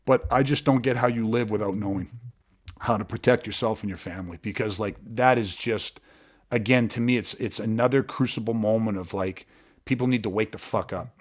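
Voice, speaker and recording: Intense, blunt man, low voice. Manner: intense, blunt, swears freely, halting restarts. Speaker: podcast host. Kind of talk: podcast monologue.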